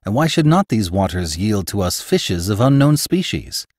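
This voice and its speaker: A man doing an eager, excitable young nephew. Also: fairly low pitch, normal speed, no echo, studio quality. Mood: excited. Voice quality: rising excited questions.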